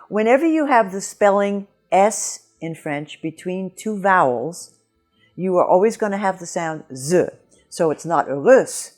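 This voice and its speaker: A woman teaching French pronunciation in an online lesson, explaining patiently and modeling example words. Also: lowish voice.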